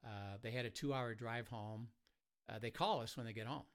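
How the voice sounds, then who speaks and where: A man who leads a marriage ministry, telling a story in an interview, softly and with many pauses and fillers. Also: medium pitch. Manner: soft-spoken, many fillers, acts out quotes.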